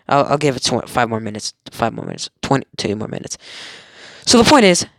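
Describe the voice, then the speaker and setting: A man's voice: mid-range voice, no room sound. Young guy rambling thru an anime recap, keeps correcting himself, dry close mic. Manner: rambling, self-correcting, excitable. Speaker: fan storyteller. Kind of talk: casual retelling of an anime.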